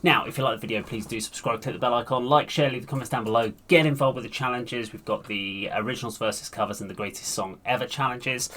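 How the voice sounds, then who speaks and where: A man's voice: mid-range voice, fairly even intonation, fast, hardly any pauses, pushed and bright. A man hosting a music reaction video, chatty and rambling with lots of filler. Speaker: reaction channel host. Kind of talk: casual reaction vlog.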